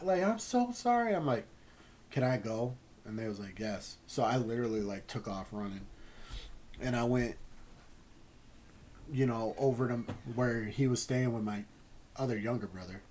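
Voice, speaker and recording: A man telling a personal story in a casual, rambling way, halting often and swearing freely. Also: lowish voice, a little mellow, slight background noise, low-quality recording. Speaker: gaming channel host.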